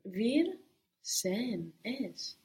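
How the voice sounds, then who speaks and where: A woman student giving slow, careful answers in a language lesson. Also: fairly high pitch, big pitch swings, darkish tone, recorded from a distance, low-quality recording.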